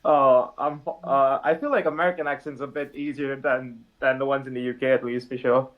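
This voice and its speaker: A man's voice: mid-range voice, fairly even intonation, brisk, narrow, tinny audio. A man guest on a casual podcast, easygoing and laughing along, often hedging his opinions.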